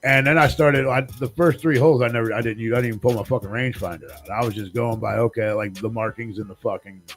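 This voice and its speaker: A man's voice: mid-range voice, fast. A man in his forties tells a rambling, swear-heavy story on a live talk show. He mimics the people in it as he goes. Faint music runs underneath. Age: 40s. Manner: profane, animated storytelling, acts out other people's lines. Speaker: podcast host. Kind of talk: casual storytelling chat.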